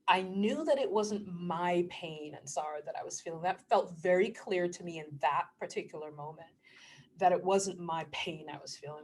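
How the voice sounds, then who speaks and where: A middle-aged woman vlogger talking casually about spiritual matters, earnest and emotional, often laughing mid-sentence and sometimes dropping to a hushed near-whisper. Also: fairly low pitch. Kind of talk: casual spiritual talk to camera.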